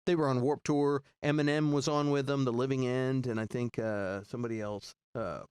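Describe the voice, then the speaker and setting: A man in his forties telling rambling road stories in casual chat, acting out other people's lines in high voices. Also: a little fast, clear, resonant tone, no echo, clean studio sound. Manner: rambling, animated, acts out quoted voices high.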